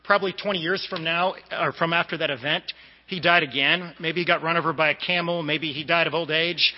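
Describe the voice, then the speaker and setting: A man from the Boston area preaches in a loose, conversational way, with fillers and asides. His voice sits high and carries a long echo through the church. The recording sounds dull and muffled. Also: steady tone, a little fast. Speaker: lay preacher. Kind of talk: sermon. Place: church sanctuary.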